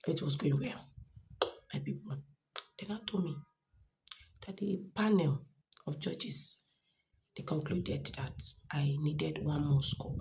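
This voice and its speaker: A woman with a Nigerian accent giving an earnest personal testimony, emphatic at times and sometimes dropping to a soft near-whisper. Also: low-pitched, fairly even intonation, takes it slowly, gravelly, long pauses, slight background noise. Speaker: student sharing her story.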